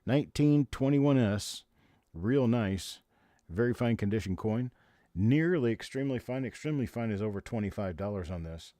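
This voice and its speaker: A man's voice: on the low side, animated, warm tone, no room sound, studio quality. A man hosting a live online coin auction, rattling off repeated bid calls and explaining coin details in between. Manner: rapid repetitive auction calling of bids. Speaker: auctioneer host.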